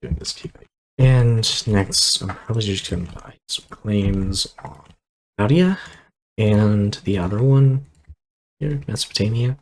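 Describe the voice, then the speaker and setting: A man's voice: fairly low pitch, a little slow, a little hiss or hum, poor audio. A man casually commenting on his strategy game as he plays, thinking aloud and rambling with fillers and asides. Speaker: gameplay commentator.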